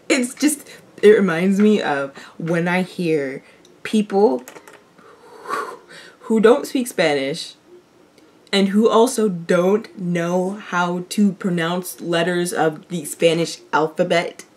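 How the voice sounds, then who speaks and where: A young woman hosting a reaction video, talking casually and rambling with frequent laughs. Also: on the low side. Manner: chatty, rambling, laughs often.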